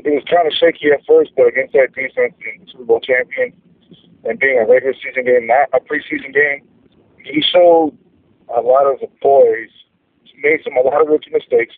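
A man's voice: mid-range voice, no room sound. A man from North Carolina calling in, giving his earnest take on the team with frequent hesitations. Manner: earnest fan analysis with hesitations. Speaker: caller. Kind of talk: call-in comment. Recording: tinny phone line.

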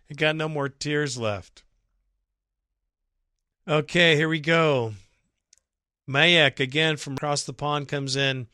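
A man's voice: fairly high pitch, normal speed, sharp tone, no room sound, studio quality. Exasperated man ranting on a fan podcast. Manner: exasperated, sarcastic, swings into laughing outbursts. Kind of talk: fan podcast rant reading listener messages.

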